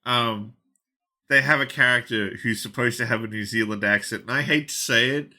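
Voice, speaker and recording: A man's voice: mid-range voice, moderate pace, sharp tone. A man co-hosting a podcast in casual chat, rambling with fillers and swearing, a little sick. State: sick, coughing. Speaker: podcast co-host.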